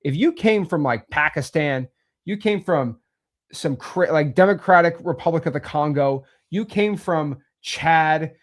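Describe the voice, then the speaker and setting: A man's voice: a little high, measured pace. A man hosting a talk, speaking bluntly and pushily and repeating himself. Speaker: host. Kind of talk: motivational talk.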